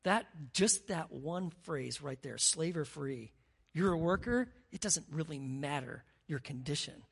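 Animated pastor preaching a sermon. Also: mid-range voice, a little slow, creaky, slightly rough. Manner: animated, acts out scenes, asks the crowd "right?".

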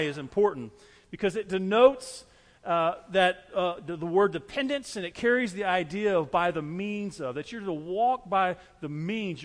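A man's voice: high-pitched, long reverb tail. A man preaching a sermon as pastor, earnest and repetitive, driving his points home with everyday illustrations.

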